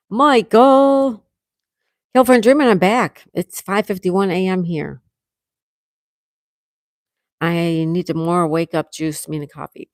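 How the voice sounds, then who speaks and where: A woman's voice: on the low side, no room sound, clean studio sound. Chatty woman host with a sore throat. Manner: chatty, reads out comments, frequent laughs. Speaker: livestream host reading chat. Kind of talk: casual live chat with viewers.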